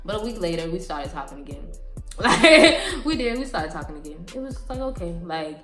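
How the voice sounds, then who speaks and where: A young woman with a Southern US accent telling a storytime vlog in an animated, dramatic way, full of fillers. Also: on the low side, moderate pace. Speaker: vlogger. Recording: echoey room with faint music.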